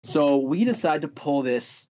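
A man's voice: fairly high pitch, expressive, measured pace, warm tone. A man from Canada, a guest musician telling stories in a loose, profane way, full of "like" and "dude". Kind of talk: casual storytelling. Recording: dull lo-fi sound.

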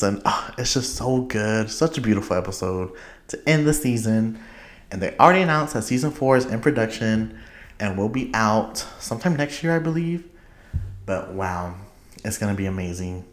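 An excitable young man hosts his own podcast in a loose, rambling chat, breaking into laughter and stacking up fillers as he goes. His voice sits on the low side for a man. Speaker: podcast host. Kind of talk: casual chat.

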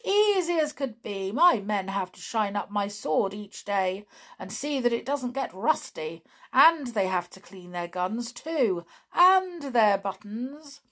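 A woman's voice: fairly high pitch, sing-song, slow pace, fairly bright tone, full character voice. A woman voicing a bold, hearty male wooden soldier captain in a children's story.

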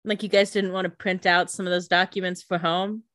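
A woman's voice: fairly low pitch, little pitch movement, fairly quick, a bit bright, dry recording, clean studio sound. Wry woman with sweary asides. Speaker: podcast co-host. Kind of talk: casual chat.

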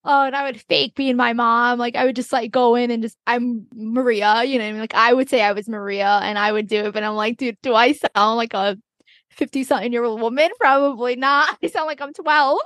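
A woman's voice: a little high, quick pace, hardly any pauses, dry recording, clean studio sound. Giggly young woman chatting on a podcast. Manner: laughs often, animated storytelling. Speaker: podcast co-host. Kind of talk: casual chat.

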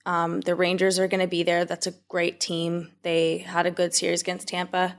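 A young woman from Canada talks sports on a podcast in a relaxed, chatty way. Her voice sits a little low for a woman. She laughs easily and scatters fillers as she goes. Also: moderate pace, creaky. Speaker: podcast co-host. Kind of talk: casual sports chat.

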